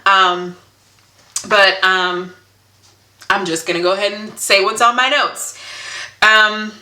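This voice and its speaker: A woman's voice: medium pitch, little pitch movement, takes it slowly, pushed and bright. A woman telling an emotional story in a casual vlog, earnest and full of ums as she checks her notes. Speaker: hair vlogger. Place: indoor room at home. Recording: echoey room.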